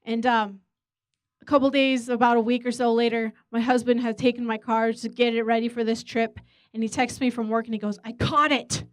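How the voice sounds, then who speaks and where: High-voiced woman telling a sermon story. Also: little pitch movement, a little fast, dry recording. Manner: chatty, self-mocking storytelling. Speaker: preacher.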